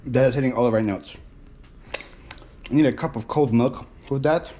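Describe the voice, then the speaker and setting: A young man talks straight to his phone camera at home in a loose, chatty vlog. He sounds excitable and thinks out loud as he goes. His voice sits in an ordinary middle pitch, with a faint hiss underneath. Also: normal speed. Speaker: reselling vlogger.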